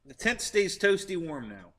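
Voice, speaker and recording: A man's voice: high voice, sing-song, moderate pace, a bit bright. A man hosting a casual live-stream chat from a heated tent, laughing often and chuckling between his remarks. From United States. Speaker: host.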